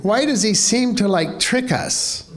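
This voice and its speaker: A man's voice: sits high, animated, slow. A man preaching a sermon as pastor, conversational and wry, full of rhetorical questions.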